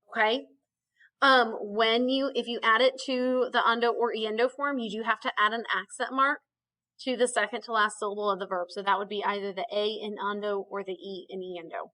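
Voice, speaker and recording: A woman with a fairly high, sharp-toned voice teaches a Spanish grammar lesson in a recorded video. She explains patiently step by step, frequently checking in with okays.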